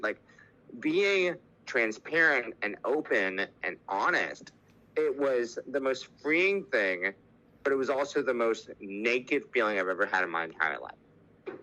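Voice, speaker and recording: A man's voice: medium pitch, sing-song, normal speed, bright, forceful tone, rough recording. A man, a podcast guest, telling a candid personal story with emotion, swearing and acting out what others said.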